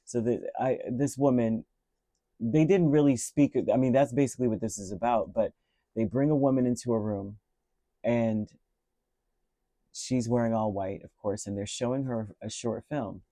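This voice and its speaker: A man's voice: medium pitch, moderate pace, mellow, no room sound. A middle-aged man giving a casual, rambling tarot reading and telling a story along the way, with many restarts. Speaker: tarot reader.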